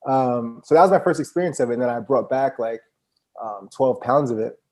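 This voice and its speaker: A man's voice: medium pitch, fairly quick, a little mellow. A young man telling stories as a podcast guest in a laid-back, slangy way. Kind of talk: casual conversation.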